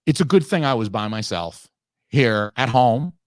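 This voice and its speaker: Male podcast host, foul-mouthed ranting storyteller, average pitch, dry room. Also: expressive, moderate pace, dry recording. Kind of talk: casual chat.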